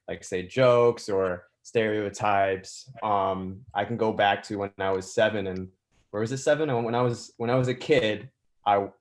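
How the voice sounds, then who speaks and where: A young adult man actor on a press panel, telling stories with restarts and chuckles. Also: on the low side. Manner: storytelling, repeats words, chuckles. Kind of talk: virtual press conference answer.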